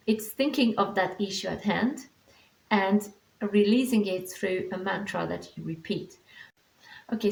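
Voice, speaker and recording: Lady calmly explaining energy stuff, bit of vocal fry, echoey room. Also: mid-range voice. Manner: calm, reassuring, explanatory, frequent restarts. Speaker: animal communication teacher. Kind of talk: instructional vlog.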